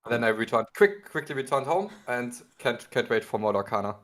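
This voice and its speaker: A man's voice: mid-range voice, sing-song, a little fast, fairly bright tone. A man co-hosting a casual card-game stream, talking with many ums and repeated words. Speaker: co-host guest. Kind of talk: casual livestream chat.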